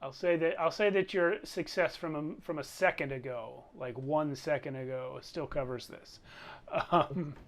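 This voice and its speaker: A man running a tabletop game as game master, thinking aloud over the rules in an unhurried way. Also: a little high.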